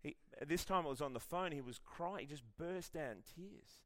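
A middle-aged Australian man preaching a sermon in a lively, conversational way, telling personal stories with self-deprecating humour. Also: on the high side, moderate pace. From Western Australia. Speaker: pastor.

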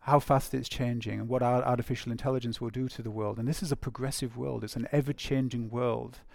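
A man delivers a sermon in a gravelly, creaky voice. He talks conversationally, circling back and repeating phrases for emphasis, with plenty of ums and uhs. The recording is dry and close, with no room echo. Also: mid-range voice, fairly even intonation, fast, a little mellow. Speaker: preacher.

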